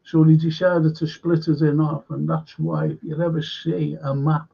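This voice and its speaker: A man in a rambling, opinionated monologue, halting and repeating words, with a sarcastic edge. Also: a little high, level tone, creaky, dark tone, slightly rough, dull audio.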